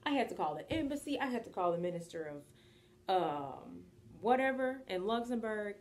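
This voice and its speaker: A young American woman in her twenties tells a story straight to camera in a loose, chatty vlog style. She talks animatedly, uses plenty of slang and drops into little impressions of the people in her story. Her pitch sits in the usual middle range for a woman. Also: lively intonation, normal speed, darkish tone, slight background noise. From United States. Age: 20s. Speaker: vlogger. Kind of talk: casual storytime.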